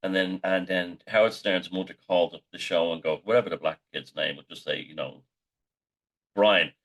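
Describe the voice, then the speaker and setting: A man's voice: low voice, fairly even intonation, moderate pace, a bit bright. A middle-aged man, the host, telling rambling, sweary anecdotes in a casual monologue.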